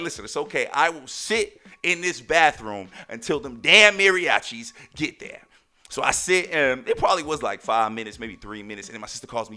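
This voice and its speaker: Young guy hosting a podcast, super lively pitch, bright voice, slangy laid-back storytelling. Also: fairly quick. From Texas. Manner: animated, talks in loose slang with lots of "like" and "right?". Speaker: podcast host. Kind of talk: casual storytelling.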